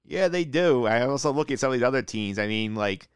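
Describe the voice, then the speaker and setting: A man's voice: mid-range voice, lively intonation, brisk, clean tone, no echo. A man hosting a casual hockey chat, steering with questions and peppering his talk with "like". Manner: leads with questions, many "like" fillers. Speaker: podcast host.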